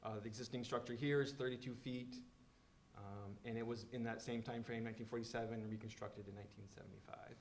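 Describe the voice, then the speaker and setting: A man's voice: mid-range voice, fairly even intonation, fast talker, creaky, roomy sound, a little hiss or hum. A man presenting engineering plans at a public meeting, explaining in a loose, filler-heavy way.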